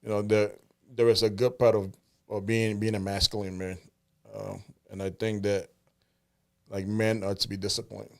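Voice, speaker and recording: A man's voice: fairly low pitch, flat delivery, moderate pace, vocal fry. A man co-hosting a casual chat, talking hesitantly with many fillers and restarts, and often agreeing. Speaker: co-host.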